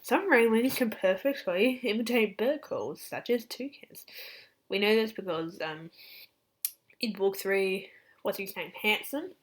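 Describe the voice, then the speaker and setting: A woman with an Australian accent casually reading out facts in a chatty, excitable way, sometimes dropping into whispered asides. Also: mid-range voice, unhurried. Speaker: fan channel host. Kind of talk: casual fact-reading vlog.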